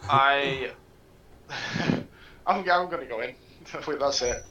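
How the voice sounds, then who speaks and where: A man playing in a tabletop game, rambling casually with loose fillers and quick laughs. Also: mid-range voice, sharp tone, reverberant, lo-fi sound. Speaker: player.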